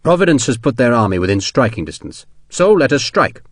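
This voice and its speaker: A man voicing an eager, headstrong British general who speaks briskly and commandingly. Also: medium pitch, big pitch swings, dry recording, clean studio sound. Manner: brisk, commanding, quick to laugh.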